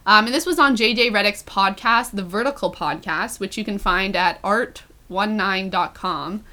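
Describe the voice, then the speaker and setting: A woman's voice: medium pitch, moderate pace, bright, forceful tone. A young woman hosting a podcast, chatting about celebrity gossip in an upbeat, giggly way. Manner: giggly, upbeat, many fillers. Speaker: podcast host. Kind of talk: casual celebrity gossip chat.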